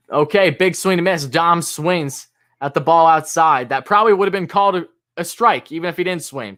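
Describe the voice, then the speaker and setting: A man hosting a live fan stream, calling pitches play-by-play and griping and swearing about the umpires in an exasperated voice that jumps high on big moments. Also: fairly bright tone. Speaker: fan commentator and stream host.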